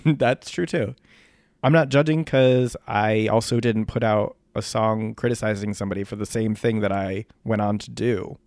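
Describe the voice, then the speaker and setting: Gravelly low-voiced man chatting casually. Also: steady tone, normal speed, darkish tone, dry recording. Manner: laid-back, gossipy, trails off with fillers. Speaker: podcast co-host. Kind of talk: casual chat.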